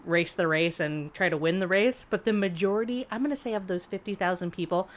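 A woman co-hosting a podcast, telling a story in relaxed, chatty talk that she often laughs through. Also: fairly low pitch, fairly quick. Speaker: podcast co-host. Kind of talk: casual chat.

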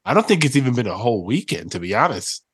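A man's voice: medium pitch, sing-song, fast, slightly rough, no room sound, studio quality. A man co-hosting a podcast, speaking casually and hesitantly with restarts. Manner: hesitant, restarts before asking. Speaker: podcast co-host. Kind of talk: casual chat.

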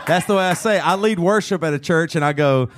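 A man's voice: on the high side, fast, background noise. A man co-hosting a live podcast in front of an audience, joking and laughing through his stories. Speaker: podcast co-host. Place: live show venue.

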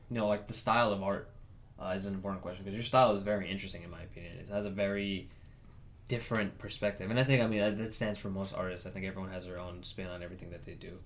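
Low-voiced young man interviewing casually. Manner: relaxed, rambling questions with lots of fillers. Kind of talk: casual chat over a chess game.

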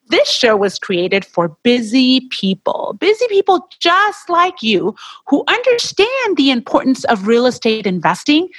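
Woman, podcast host, lively swooping pitch, fairly high voice, casual chatty talk, dry close sound. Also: no echo. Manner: animated, chatty, gets heated and laughs at points.

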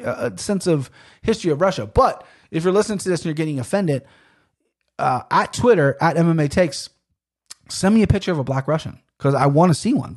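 A podcast host talks casually on his own, rambling and chatty, full of fillers and restarts. His voice is slightly high with a breathy edge.

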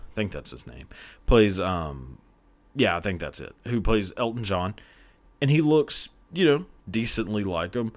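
Deep-voiced man rambling on a podcast. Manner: rambling, profane, self-deprecating. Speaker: podcast host. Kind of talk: casual solo podcast chat.

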